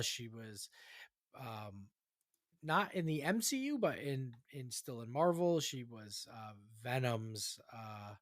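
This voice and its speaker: A man's voice: medium pitch, no echo. A man co-hosting a casual movie podcast, enthusiastic and heavy on fillers while he recalls film facts. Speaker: podcast co-host.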